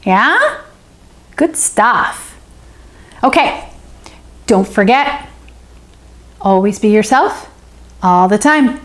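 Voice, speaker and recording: A woman's voice: medium pitch, lively intonation, extremely slow, pauses often. A woman hosting a spiritual self-help channel, teaching to camera in an encouraging way that keeps checking in with "okay?" and repeats phrases for emphasis. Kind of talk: teaching to camera, answering a viewer.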